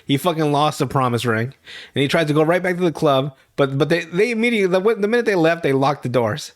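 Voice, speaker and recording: A young man hosting a podcast rambles through a recap of a TV episode, fast and animated, in a fairly high-pitched voice. It's profane and laugh-filled, with him laughing loudly at his own story.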